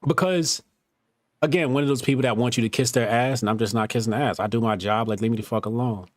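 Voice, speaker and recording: This podcast host talks fast at a medium pitch, recorded with studio quality and no room sound. His casual storytelling is profane and lively, and he acts out the quotes he tells.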